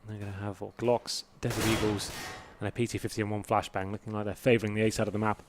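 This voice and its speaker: A man doing live play-by-play commentary on an esports match, building to excited shouts when the fighting starts. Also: fairly low pitch, fast talker, background noise.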